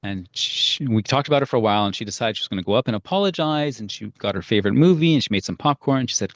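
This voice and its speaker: This man runs a parenting workshop, speaking fast and expressively in a medium-pitched voice. His talk is conversational and story-driven, peppered with fillers and restarts. There's no echo, though the recording sounds muffled.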